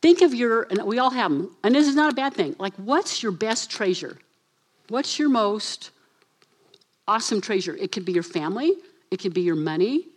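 Woman preacher, lively delivery that dramatizes scenes with small character voices, mid-pitched. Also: normal speed. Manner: animated, acts out voices, addresses assistant for slides. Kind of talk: lively sermon.

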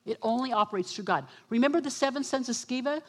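A woman's voice: fairly high pitch, quick pace. A woman preacher giving a sermon, telling a vivid story and acting out the voices of the people in it. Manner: animated storytelling, quotes herself and others.

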